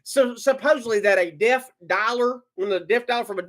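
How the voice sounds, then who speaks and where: A man telling a personal story in an emotional monologue, agitated, repeating words and swinging between loud outbursts and low muttering. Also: brisk. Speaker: vlogger telling his own story.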